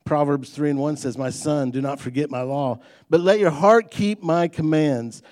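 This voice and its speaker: A man's voice: on the high side, moderate pace, darkish tone. Guy preaching, folksy and chatty, cracks jokes then leans in hard on the big points. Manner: folksy, conversational preaching with humor and rising emphasis. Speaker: pastor. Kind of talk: sermon.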